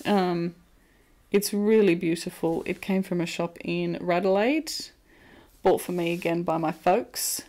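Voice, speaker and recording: In her knitting vlog, an Australian woman chats casually and playfully about yarn, prone to silly asides. Her voice is warm and fairly low, and she speaks a little slowly.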